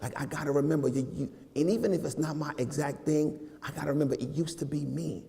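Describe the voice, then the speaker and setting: A man's voice: fairly high pitch, fast, vocal fry. A male minister preaching a conversational, slang-laced sermon, speaking directly to his congregation in a church sanctuary. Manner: casual, slangy, animated preaching with asides to the congregation. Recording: long hall reverb in a sanctuary.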